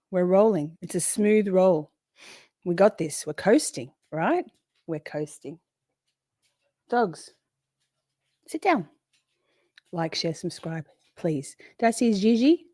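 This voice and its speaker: Woman, 40s, livestream host: loose, chatty, swears freely, lower-pitched voice, dry close sound. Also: measured pace, dark tone, dry recording. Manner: chatty, swears, greets viewers by name. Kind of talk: casual livestream chat.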